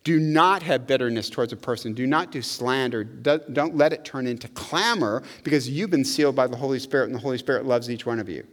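A middle-aged male pastor preaching a conversational, animated sermon, often checking in with "right?". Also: mid-range voice, fast, hardly any pauses. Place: church sanctuary. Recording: long hall reverb.

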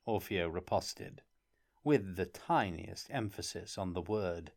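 A man narrating a fantasy audiobook in measured, even storytelling. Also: sits low, creaky.

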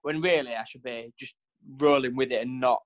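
A man in casual chat, telling family stories with lively quoted voices. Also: brisk. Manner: animated storyteller, jumps pitch for quoted voices. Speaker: podcast co-host.

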